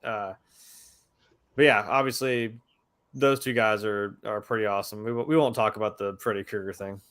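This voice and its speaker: A man's voice: fairly low pitch, steady tone, moderate pace, fairly bright tone. A man in casual chat, enthusiastic, swearing casually and filling his talk with "like". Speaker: podcast co-host.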